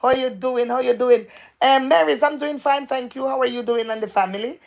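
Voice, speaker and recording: Excitable woman host with a gravelly voice. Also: high voice, a little fast. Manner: excitable, repetitive, gossipy, laughs often. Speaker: livestream host. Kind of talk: live chat reading out viewer comments.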